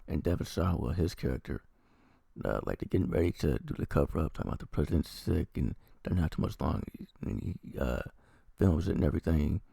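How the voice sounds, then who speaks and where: A man's voice: very deep voice, animated, fairly quick, gravelly, dark tone, slightly rough, dry recording, studio quality. A man giving a rambling, profane, casual recap and review of a TV episode. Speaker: TV review vlogger.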